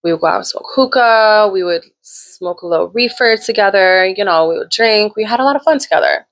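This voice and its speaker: A woman's voice: mid-range voice, brisk, fairly bright tone. A woman hosting her own show, telling a personal story in a candid, chatty way with plenty of swearing. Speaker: host. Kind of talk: casual storytelling.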